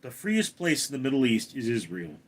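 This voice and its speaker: A man's voice: big pitch swings, normal speed. A man live streaming from home, reading viewer names aloud and answering them in a casual chat. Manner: reads viewer names out loud, then answers in a lower voice.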